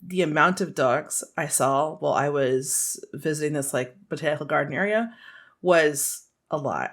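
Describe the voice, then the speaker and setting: A woman co-hosting a podcast, chatting casually and telling animated stories with quoted voices and frequent laughter. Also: low voice, a little fast. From United States. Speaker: podcast co-host. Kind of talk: casual chat.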